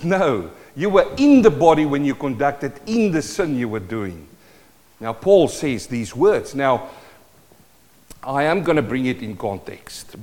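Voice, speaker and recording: A man preaching a sermon in a South African accent, swinging from loud declaiming to a hushed voice. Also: on the high side. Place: church hall. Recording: long hall reverb.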